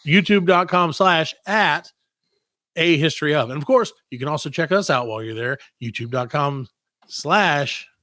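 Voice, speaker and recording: A man hosting a comedy podcast in loose, jokey chat. His voice sits a bit high. He keeps the banter hyped and laughs a lot. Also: normal speed, pushed and bright, no echo, studio quality. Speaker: podcast co-host.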